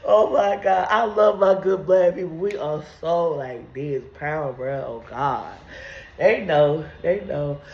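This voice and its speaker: A woman riffs through profane, comedic Bible commentary with a gravelly edge to her voice, laughing loosely in the middle of her lines. The sound is roomy, with a clear echo around her. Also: low-pitched, unhurried, a little mellow, highs cut off. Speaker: video host.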